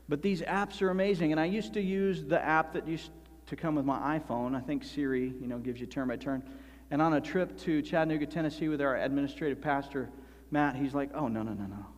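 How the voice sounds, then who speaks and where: A man preaching a sermon as pastor, animated and emphatic, slowing down to stress key phrases. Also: fairly high pitch. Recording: long hall reverb.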